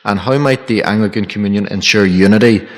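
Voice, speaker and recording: A man's voice: lowish voice, fairly quick. A young man moderating a live dialogue, posing formal questions with hesitant ums. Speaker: student society moderator. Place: college chapel. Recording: chapel with long reverb.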